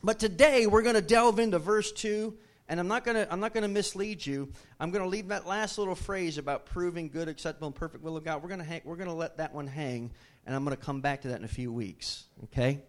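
Folksy storytelling male pastor, slightly high. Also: fast talker, few pauses. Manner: folksy storytelling with frequent restarts. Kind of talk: sermon.

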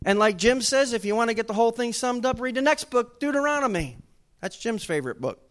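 A male pastor, preaching a sermon in a conversational way that rises to loud, emphatic bursts. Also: very high-pitched, expressive, fast.

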